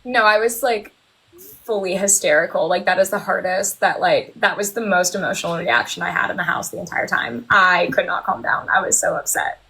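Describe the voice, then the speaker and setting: A young woman guest on a casual live chat, recounting stories with animated energy. Her voice has a soft, breathy edge. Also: lowish voice, brisk, poor audio. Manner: animated storyteller, laughs often.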